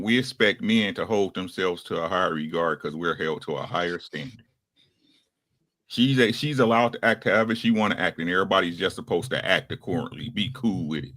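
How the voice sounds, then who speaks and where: A man's voice: sits low, fairly bright tone. A man on a discussion panel giving blunt, emphatic opinions.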